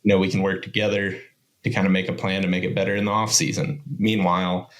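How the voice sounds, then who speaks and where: A man speaking as a guest in a casual chat, rambling and relaxed, with lots of filler words. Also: deep voice, fast talker. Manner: rambling, relaxed, many fillers like "you know" and "kind of". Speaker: podcast guest.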